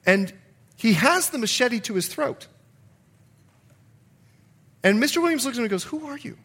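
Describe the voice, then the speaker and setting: Animated, bright-voiced man preaching. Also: very high voice, moderate pace. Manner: animated storyteller, bursts into loud exclamations. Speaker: pastor. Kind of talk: evening church sermon with personal storytelling.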